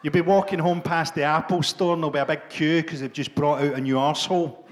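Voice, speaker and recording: Profane Scottish stand-up comedian. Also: male voice, a little high, noisy background. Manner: profane, deadpan, quick jabs at the crowd. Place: live comedy venue.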